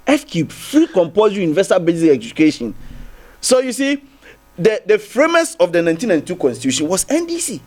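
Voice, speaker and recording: A man's voice: sits high, big pitch swings, fast talker, darkish tone. A man with a Ghanaian English accent arguing as a guest on a TV panel, circling back with repeated restarts and rhetorical questions. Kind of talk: heated TV panel debate.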